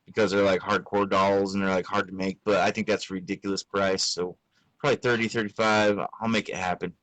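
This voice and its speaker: A man's voice: low voice, flat delivery, fairly quick, fairly bright tone, no echo, poor audio. A young adult man hosting a podcast in casual chat, laid-back, swearing a lot and laughing often. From Utah. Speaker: podcast host.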